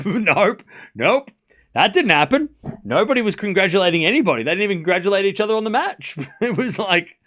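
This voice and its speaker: A man hosting a live tennis watchalong stream, chatting casually and excitedly, laughing often and thinking out loud. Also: fairly high pitch, a little fast. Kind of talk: live commentary and casual chat.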